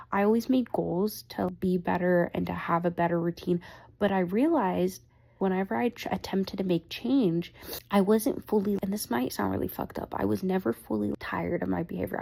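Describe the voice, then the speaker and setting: A woman's voice: fairly low pitch, gravelly, dark tone. A young woman hosting a podcast, chatting casually and rambling between tangents, swearing freely and speaking frankly. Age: young adult. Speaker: podcast host. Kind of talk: casual chat.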